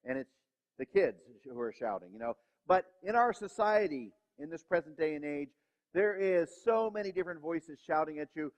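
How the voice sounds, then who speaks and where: Male pastor, sermon, self-mocking, fairly high voice, long church reverb. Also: lively intonation, normal speed. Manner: self-deprecating, acts out inner voices. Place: church sanctuary. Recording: reverberant hall, dull lo-fi sound.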